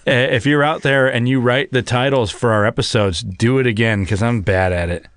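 A man's voice: mid-range voice, steady tone, moderate pace, fairly bright tone, clear, resonant tone, no echo, clean studio sound. A man co-hosting a podcast, joking at his own expense and swearing freely. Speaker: podcast co-host. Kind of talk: casual podcast chat.

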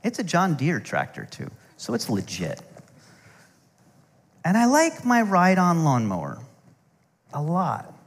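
Middle-aged pastor, joking storyteller sermon, lightly raised pitch, reverberant hall. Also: male voice, wildly swooping pitch, slow pace, pauses often. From United States. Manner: storytelling with humor and asides.

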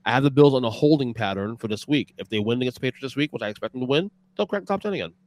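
A man co-hosting a heated sports debate, excitable and repeating words as he talks over the others. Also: mid-range voice, rapid-fire, dry recording. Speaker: sports talk co-host.

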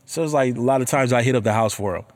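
Guy on a podcast ranting about his kid, cussing a lot, gets worked up, average pitch. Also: racing. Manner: profane, animated, heated ranting. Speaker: podcast host; father. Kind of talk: casual storytelling chat.

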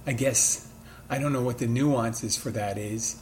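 A man's voice: mid-range voice, measured pace, darkish tone, a little hiss or hum. A man with a mid-Atlantic American accent touched by Philadelphia, talking casually and thinking aloud with frequent restarts. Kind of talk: casual monologue.

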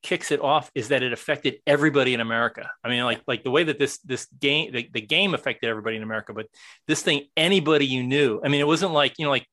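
A man's voice: mid-range voice, fast talker, pushed and bright, dry recording. A man chatting as a podcast guest, rambling with many restarts. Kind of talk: casual chat.

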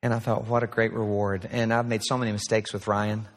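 A man's voice: on the low side, level tone, a little fast. Earnest preaching man in a reverberant hall. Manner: earnest, storytelling. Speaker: pastor. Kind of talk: sermon. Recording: played sermon recording with long reverb.

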